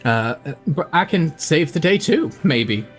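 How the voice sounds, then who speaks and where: A man's voice: on the high side, animated, measured pace, soft background music, voice pushed up. A man voicing a young farm boy who speaks earnestly, holding back tears. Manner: earnest, tearful.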